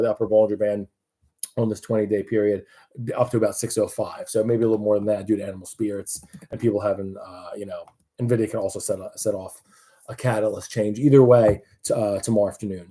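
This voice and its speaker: A man's voice: on the low side, dark tone. A man giving casual live market commentary, chatty and loose, with many fillers and restarts.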